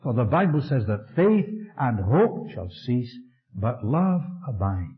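A man's voice: medium pitch, very animated, takes it slowly. A man preaching a fervent, emphatic sermon in a church. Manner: fervent, emphatic preaching with rising and falling delivery. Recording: dull lo-fi recording.

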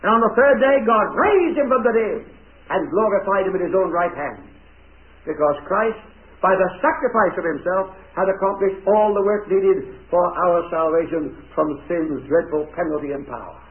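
A man with a fairly high voice preaching an object-lesson sermon to children, emphatic and dramatic as he puts questions to the young listeners. The recording is thin and narrow, like an old recording heard over a telephone. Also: moderate pace. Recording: tinny, phone-like old recording.

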